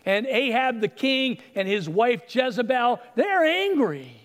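Man, sermon, lively storytelling, high voice, long hall reverb. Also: measured pace. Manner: animated storytelling, acts out voices. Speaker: pastor.

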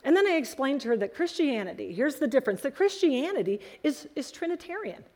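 A woman preaching a sermon to her congregation, telling stories in an earnest, animated way. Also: high-pitched, fast. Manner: earnest storytelling, animated emphasis.

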